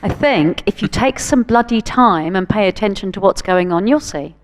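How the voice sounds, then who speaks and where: A woman's voice: mid-range voice, lively intonation, moderate pace. A woman writer speaking on a conference panel, blunt and forthright.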